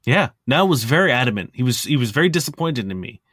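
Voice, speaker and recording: A man's voice: mid-range voice, big pitch swings, fast, fairly bright tone, husky, no room sound, studio quality. A man co-hosting a podcast in casual chat, talking emphatically and laughing easily. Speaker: podcast co-host.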